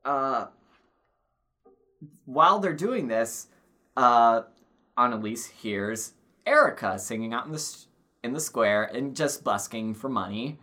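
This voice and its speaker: A woman's voice: extremely low pitch, animated, slow, pauses often, a bit bright. A woman co-hosting a film podcast in a casual, rambling chat with many fillers. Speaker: podcast co-host.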